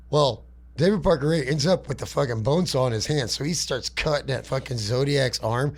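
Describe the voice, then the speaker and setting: Gravelly husky guy spinning a filthy cage match story, cursing nonstop. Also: medium pitch, brisk. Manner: profane, animated, puts on voices for characters. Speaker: podcast co-host. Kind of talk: crude comedic storytelling.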